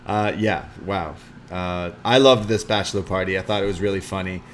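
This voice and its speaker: A man reviewing a wrestling show in casual podcast chat, excitable, laughing often and acting out quotes. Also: deep voice, moderate pace, slight background noise.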